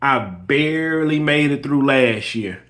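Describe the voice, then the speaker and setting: An emphatic man in a medium-pitched voice, talking earnestly to the camera about his own business. He repeats himself for emphasis and keeps urging the listener to listen as he tells a story. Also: lively intonation, slow pace, a bit bright. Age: adult with kids. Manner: storytelling with quoted dialogue. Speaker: lawn care business owner. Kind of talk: motivational personal talk.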